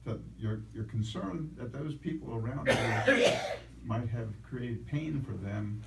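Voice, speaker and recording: A man's voice: mid-range voice, takes it slowly, creaky, very noisy. A man in the audience asks a question, musing and searching for his words. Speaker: audience member asking a question. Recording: distant voice in an echoey room.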